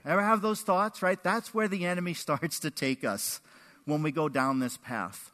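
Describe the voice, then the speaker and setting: A man pastor preaching a sermon, animated, acting out quotes with big swings in his voice. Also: sits high, normal speed. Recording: echoey hall with long reverb.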